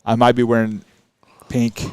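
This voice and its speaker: A man doing relaxed play-by-play and joking banter on a darts livestream. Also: medium pitch, moderate pace, clear, resonant tone, dry recording. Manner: relaxed, joking, calls the throws. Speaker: darts stream commentator.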